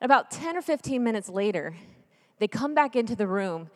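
A woman in her thirties, speaking at a church gathering, tells a family story as part of a sermon in a fairly high voice at normal speed. She starts lively, chatty and jokey, then turns earnest and hushed. The long reverb of a large hall fills the recording.

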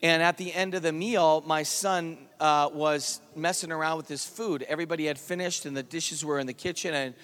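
Earnest worship leader in a reverberant hall. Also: male voice, on the high side, steady tone, moderate pace, hardly any pauses. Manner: earnest, drops to a hushed tone at emotional moments. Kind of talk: storytelling sermon at a worship service. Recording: live hall reverb with guitar music.

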